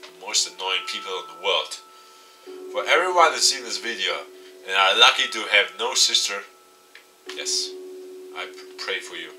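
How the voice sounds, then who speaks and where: Brief: game streamer narrating and joking, crisp bright tone, faint music behind. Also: male voice, fairly low pitch. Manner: unhurried, animated asides. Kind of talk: reading a visual novel aloud with comments. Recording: distant mic with faint music.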